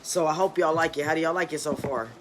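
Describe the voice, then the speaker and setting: A man's voice: a little high, fairly even intonation, fast, over music. Chatty man reading his own novel. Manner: chatty, addresses listeners as y'all. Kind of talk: casual live reading to an online audience.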